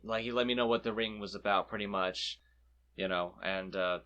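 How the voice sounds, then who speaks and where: A man's voice: lowish voice, fairly even intonation, moderate pace, pushed and bright, dull audio. A man co-hosting a movie podcast, speaking in a laid-back, hesitant way with many fillers. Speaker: podcast co-host. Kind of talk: casual movie chat.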